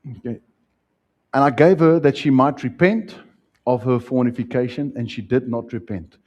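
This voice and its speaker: A man with a South African accent preaching a sermon to his congregation, swinging between loud rising lines and soft dropped asides. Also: mid-range voice, normal speed, lo-fi sound. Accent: South African English. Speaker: pastor.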